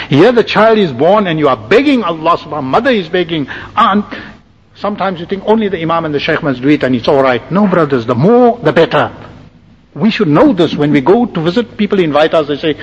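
Man preaching, husky, in an echoing hall. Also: fairly high pitch. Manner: instructive, repeats points and checks with "all right?". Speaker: Islamic preacher. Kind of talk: religious lecture to a congregation. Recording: dull lo-fi recording with long hall reverb.

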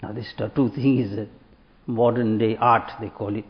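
A man's voice: on the low side, flat delivery, normal speed. Man preaching in an echoey hall. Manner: storytelling, acts out quoted voices. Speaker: religious speaker. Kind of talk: sermon with a parable. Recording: echoey hall, dull lo-fi sound.

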